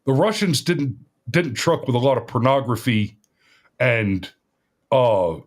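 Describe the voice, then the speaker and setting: A man's voice: medium pitch, animated, unhurried. Rambling man in casual political chat. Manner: rambling, restarts often, laughs at own stories. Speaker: podcast co-host.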